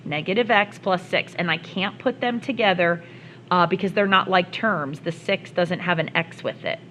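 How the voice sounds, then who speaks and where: A woman's voice: lowish voice, moderate pace, fairly bright tone, slight background noise, low-quality recording. A woman math teacher explaining worked examples step by step, with playful asides. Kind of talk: recorded classroom lesson.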